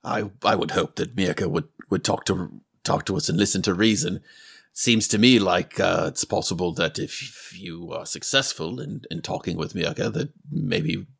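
Man voicing gravelly old sage Agarion. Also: low voice, fairly bright tone, voice pushed down, full character voice. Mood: measured. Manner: halting, hesitant, filled with uh. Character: old male sage, calm and apologetic.

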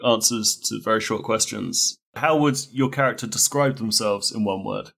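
A man reading quick-fire questions in a casual chat, brisk. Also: lowish voice, vocal fry, a bit bright.

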